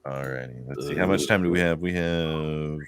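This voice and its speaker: A man in a casual chat, easygoing and quick to laugh. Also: very deep voice, clean tone.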